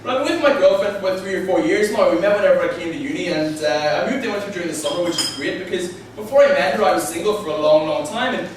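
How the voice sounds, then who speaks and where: A young man from Belfast with a Belfast accent, doing a stand-up comedy set on stage, talking fast and enthusiastically. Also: sits high, noisy background. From Northern Ireland. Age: young adult. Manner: quick and enthusiastic. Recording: echoey venue, heard from a distance.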